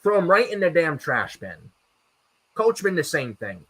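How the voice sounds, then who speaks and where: A man rants as co-host of a wrestling recap stream. His voice is a little high and swings up and down a lot. He swears freely and comes back to the same complaints. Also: very animated, normal speed, fairly bright tone, slightly rough. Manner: profane, ranting, repeats himself. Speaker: podcast co-host. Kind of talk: casual wrestling recap chat.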